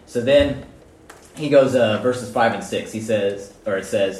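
Casual youth preacher, male, lively and chatty, mic a bit far off, echoey room. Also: on the low side, brisk, slight background noise. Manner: conversational, animated, frequent "right?" and "guys". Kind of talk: casual sermon.

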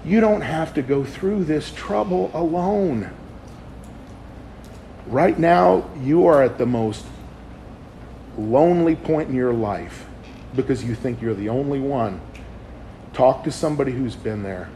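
A man in his forties delivers a personal testimony sermon to a youth group, speaking candidly and breaking off to restart his sentences. His voice sits at an ordinary middle pitch. A steady layer of background noise runs under the recording. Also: gravelly. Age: 40s. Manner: candid and rambling, with halting restarts.

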